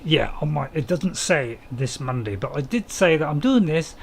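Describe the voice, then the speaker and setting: A man's voice: fairly high pitch, lively intonation, normal speed, creaky, a little hiss or hum. A man, casually commenting on a farming game while streaming and chatting to viewers in a rambling, self-mocking way.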